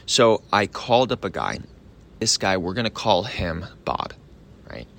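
A young man hosting a solo sales podcast, talking casually and excitedly, often asking "right?" and acting out both sides of a phone call. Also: fairly low pitch, a little slow, creaky.

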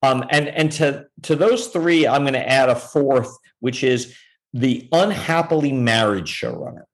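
A TV showrunner appearing as a podcast guest answers interview questions candidly, rambling with many restarts and self-deprecating asides. His voice is animated and a little slow, and his pitch jumps up on emphatic points.

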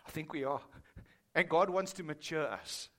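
A man's voice: a little high, normal speed, fairly bright tone. A man preaching a sermon as pastor, chatty and joking, speaking straight to his congregation. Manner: conversational, joking, addresses congregation directly.

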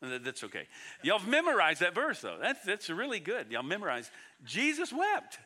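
A man preaching a sermon as a pastor, earnest, moving between loud emphatic bursts and hushed low passages, often repeating his words. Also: huge pitch swings, fairly quick. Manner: frequent repeated words and restarts.

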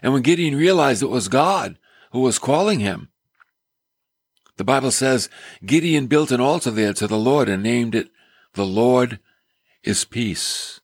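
A man's voice: medium pitch, lively intonation, moderate pace, husky, no room sound, studio quality. A male preacher delivering a sermon in an emphatic storytelling manner. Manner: emphatic, storytelling with acted quotes.

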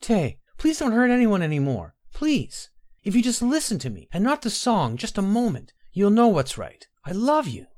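A man's voice: sits high, huge pitch swings, moderate pace, a little mellow, voice pushed up. A man voicing a young woman who pleads tenderly with her cousin. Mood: pleading.

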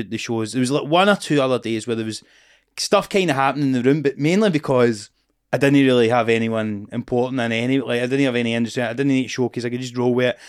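Scottish man, young adult, comedian, sweary animated storytelling, dry studio sound. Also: medium pitch, no echo. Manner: sweary, animated anecdote-telling. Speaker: comedian and podcast co-host. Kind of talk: casual chat, storytelling. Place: podcast studio.

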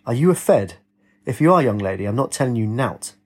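Male reader as a worn, one-armed ex-Marine living rough: gravelly, husky, blunt and cynical. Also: mid-range voice, animated, brisk. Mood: wary.

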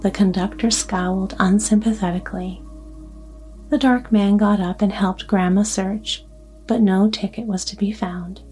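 A woman narrating a sleep story in a slow, gentle, soothing way. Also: mid-range voice, steady tone. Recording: soft background music.

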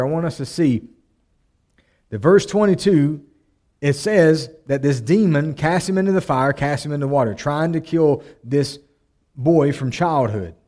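Pastor guy preaching, kinda high voice, repeats stuff, gets loud and worked up. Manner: preaching, voice rising to near-shouting in emotional appeals; repeats phrases for emphasis. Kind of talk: sermon.

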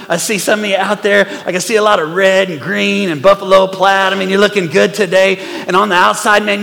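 A man in his forties preaching a sermon in a church, animated, swinging from loud to hushed. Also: high-pitched, vocal fry. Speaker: pastor. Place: church sanctuary. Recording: long hall reverb.

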